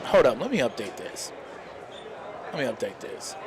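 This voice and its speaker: A man's voice: mid-range voice, very animated, moderate pace, crowd noise. A young man giving casual live commentary on a stream, rambling and heartfelt, often adding "man" to his sentences.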